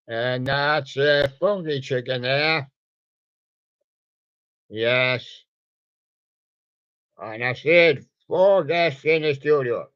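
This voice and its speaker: A man hosting a home online radio show talks slowly in a rambling, jokey way, fond of puns, as he shows off soft toys. His voice sits at a middling pitch. The recording is dry and dull, with a lo-fi home sound. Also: smooth, dry recording. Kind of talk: casual chat showing soft toys.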